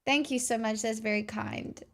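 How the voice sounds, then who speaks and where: A woman's voice: on the high side, fairly even intonation, moderate pace, a bit bright. A woman streamer chatting casually with her viewers, tired and rambling, with playful self-mockery.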